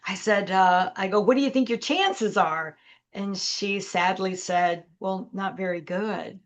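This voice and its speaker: A woman's voice: medium pitch, measured pace. A middle-aged woman, a leadership coach, telling a story as a podcast guest and acting out the dialogue. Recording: dull lo-fi audio.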